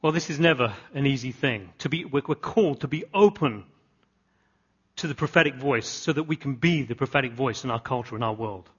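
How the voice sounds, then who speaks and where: A man's voice: mid-range voice, expressive, fairly quick, breathy edge, muffled recording. A man preaching a sermon, repeating key phrases and building to emphatic climaxes. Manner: earnest, repetitive emphatic preaching with rising climaxes. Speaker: pastor.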